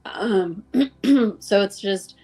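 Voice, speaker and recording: A woman's voice: medium pitch, drawn-out words, mellow, breathy edge. A woman guest in a casual conversation, telling heartfelt stories about coworkers, acting out the dialogue and using plenty of "like.". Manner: heartfelt storytelling, acting out dialogue, many "like" fillers. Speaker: interview guest.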